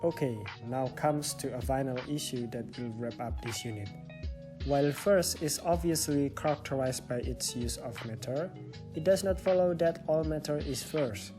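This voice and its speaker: Man, Indonesian accent, student presenter, methodical explaining, medium pitch, faint background music. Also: normal speed. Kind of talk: reading a class presentation.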